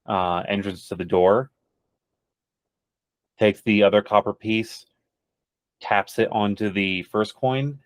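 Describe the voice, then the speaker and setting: A man narrating a tabletop game as game master, in a halting way with many fillers. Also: lowish voice, dry recording.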